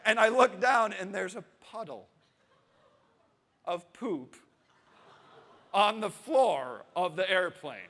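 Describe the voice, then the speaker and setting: A man's voice: high-pitched, expressive, takes it slowly, long pauses, a bit bright, big-room sound. A man in his thirties telling a comic story on stage, swearing and acting out the voices of the people in it. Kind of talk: comic personal anecdote to a live audience.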